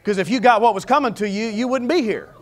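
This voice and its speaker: A man's voice: sits high, quick pace. A man preaching a sermon as pastor, mixing scripture reading with humor. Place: church.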